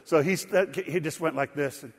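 A middle-aged man preaching a sermon, telling a folksy story with laughter in an animated way. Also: a little high, moderate pace, husky. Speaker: pastor. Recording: sanctuary reverb.

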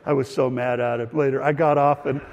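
A man's voice: medium pitch, little pitch movement, a little fast, vocal fry, darkish tone, long reverb tail, muffled recording. A man, a pastor, telling a personal story in a sermon with a conversational, self-deprecating style.

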